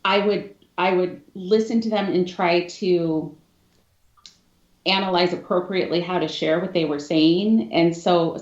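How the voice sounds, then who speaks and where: Low-voiced woman medium, roomy lo-fi sound. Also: fairly even intonation. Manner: agreeable, quick to laugh and affirm. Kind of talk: casual podcast chat. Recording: roomy, dull lo-fi remote audio.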